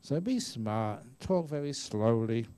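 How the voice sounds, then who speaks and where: A man's voice: mid-range voice, lively intonation, slow, dark tone, smooth. A man in his sixties, a Buddhist monk teaching at a retreat, telling stories in a chatty way and often acting out voices. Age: 60s. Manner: chatty storyteller, acts out voices, laughs often. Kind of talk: dharma talk answering questions. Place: meditation retreat hall.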